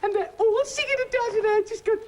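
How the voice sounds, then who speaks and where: A woman voicing a silly, excitable crocodile servant in a 1980s children's TV comedy. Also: very high-pitched, fast talker, heavy background noise. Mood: flustered. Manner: silly, breathless and eager to please.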